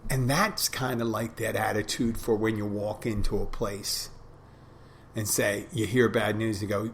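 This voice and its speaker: A middle-aged man hosts a podcast in a slow, unhurried monologue, his voice sitting on the low side. He muses and rambles, often restarting his sentences, with a faint hiss of noise underneath. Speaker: podcast host. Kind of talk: casual monologue.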